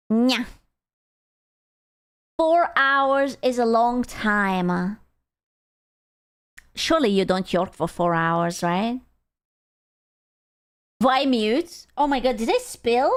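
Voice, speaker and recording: A woman's voice: a little high, smooth. A woman streamer chatting casually with her viewers, blunt and playfully teasing. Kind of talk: casual live-stream chat.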